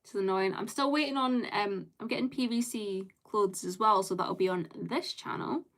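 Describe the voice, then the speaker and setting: A woman's voice: mid-range voice, normal speed, a bit bright. A young adult woman live streaming, chatting casually with viewers in a rambling way, full of fillers and light laughter.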